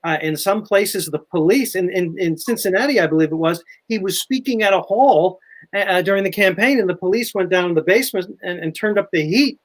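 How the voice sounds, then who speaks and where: An older man chatting as a historian guest, telling history stories in a lively, animated way. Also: high voice, fairly quick. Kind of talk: casual history chat.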